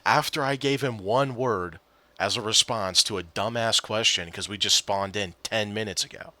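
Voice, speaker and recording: A man's voice: medium pitch, animated, normal speed, pushed and bright, no echo. A man telling a gaming story in a casual, exasperated rant, often swearing and replaying what others said. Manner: exasperated, profane, retells quotes.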